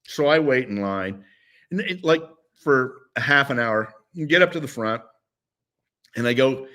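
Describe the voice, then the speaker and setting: Bright-voiced man in his sixties. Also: medium pitch, a little slow. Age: 60s. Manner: animated storyteller. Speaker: guest, former football player. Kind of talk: casual interview chat.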